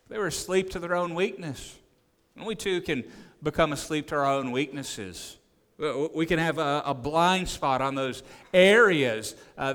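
A man preaching a sermon, acting out quoted voices with sudden rises in pitch and frequent restarts. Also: fairly bright tone. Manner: acts out quoted disciples with rising voice, frequent restarts. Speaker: pastor. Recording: long hall reverb.

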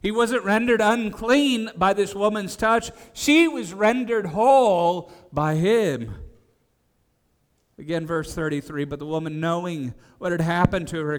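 Preacher in an echoing hall. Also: male voice, high voice. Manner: stammers on restarts, rises to emphatic declarations. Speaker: pastor. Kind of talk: expository sermon.

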